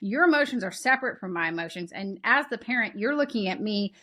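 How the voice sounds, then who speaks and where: Woman guest on a parenting chat, animated, acts out parent lines, sharp bright tone. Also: mid-range voice, quick pace. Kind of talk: conversational interview explanation.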